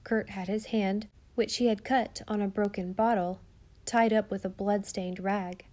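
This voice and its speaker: A woman with a mid-range voice narrates an audiobook, telling the story in a measured, expressive way.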